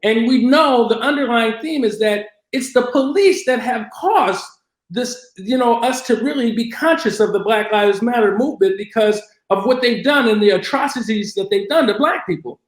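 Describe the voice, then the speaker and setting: A man's voice: extremely high pitch, normal speed, reverberant. A man telling a heated story as a guest on a panel show, defiant in tone. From Detroit area.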